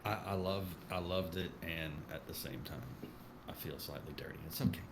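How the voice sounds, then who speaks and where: A man's voice: low-pitched, moderate pace, background noise. A man hosting a podcast, reading chat questions and joking in a dry, self-mocking way. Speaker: podcast host.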